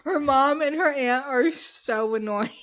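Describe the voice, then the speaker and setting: A bubbly young woman with a fairly high voice chats casually as a podcast co-host. She laughs often and fills her talk with likes and quick asides. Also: a bit bright. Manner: bubbly, giggly, lots of likes. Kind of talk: casual chat.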